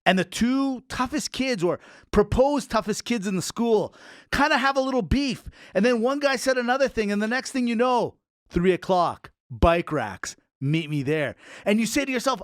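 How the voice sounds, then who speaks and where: Excitable high-voiced male sports host. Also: normal speed, dry recording, clean studio sound. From Canada. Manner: storytelling, excitable, teasing. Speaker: podcast co-host. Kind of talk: casual sports banter.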